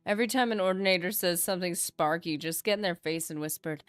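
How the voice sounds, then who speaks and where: A woman's voice: fairly low pitch, quick pace, no echo. A woman game streamer chatting casually while she plays, rambling, trailing off and poking fun at herself. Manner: chatty, rambling, self-deprecating, trails off and restarts. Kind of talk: casual livestream chat while gaming.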